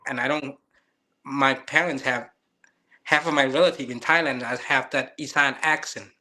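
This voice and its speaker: A man in his fifties from Laos, speaking English as an in an earnest, halting casual chat. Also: mid-range voice, fairly even intonation, bright, forceful tone. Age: 50s. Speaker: co-host. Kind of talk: casual conversation.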